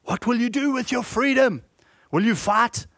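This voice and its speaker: A man's voice: very high-pitched, moderate pace, a bit bright, no room sound, studio quality, voice pushed up. A man reciting the speech of a male warrior leader rallying his troops before battle, in a stirring, declaiming way. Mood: rousing.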